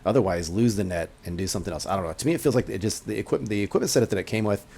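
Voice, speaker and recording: Male gaming host, lowish voice, rambling hedged gameplay commentary for beginners. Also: very fast, vocal fry, a little mellow, slightly rough. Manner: musing, thinking aloud with frequent hedges; explains mechanics to newcomers. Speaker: game channel host.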